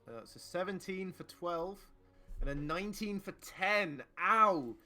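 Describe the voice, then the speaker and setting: A man narrating as game master in an online tabletop game, lively and laughing often as he describes the combat. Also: high voice, normal speed, faint music behind. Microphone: online call microphone.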